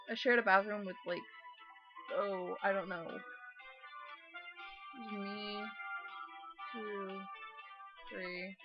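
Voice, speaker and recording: A woman's voice: medium pitch, vocal fry. A woman reading a visual novel aloud and adding chatty, wry comments about it. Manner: chatty, wry asides between read lines. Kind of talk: reading game text aloud with casual commentary. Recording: dull recording with game music.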